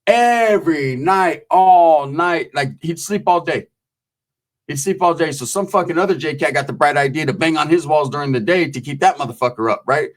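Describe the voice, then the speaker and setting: A man's voice: a little high, moderate pace. A man telling prison stories in casual, profane street talk, acting out the voices of the people in them. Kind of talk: casual storytelling.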